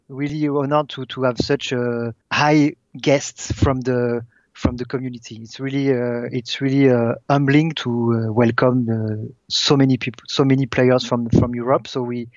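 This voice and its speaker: A man with a French accent speaks as a podcast guest, pausing and restarting as he searches for words in English. His voice sits at a mid pitch and sounds dry and dull, as if recorded over a muffled line. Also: dry recording. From Belgium. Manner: hesitant, many fillers and restarts while searching for words. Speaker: guest, tournament organizer. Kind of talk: casual podcast interview.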